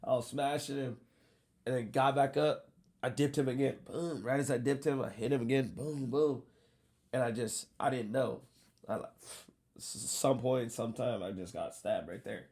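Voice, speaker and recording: Gravelly man telling a wild story. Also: medium pitch, normal speed. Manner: animated, profane, acts out quotes. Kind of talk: casual storytelling.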